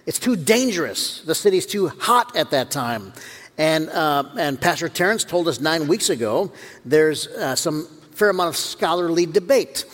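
A man preaching a sermon as pastor, telling the story with humor and acting out voices. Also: on the high side. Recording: long reverb of a church hall.

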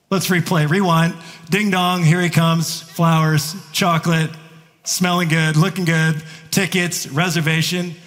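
A man's voice: fairly high pitch, flat delivery, slow pace, long pauses, fairly bright tone. A man preaching a sermon to his congregation, talking in a playful, conversational way and chuckling between points. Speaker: pastor. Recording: long reverb of a large hall.

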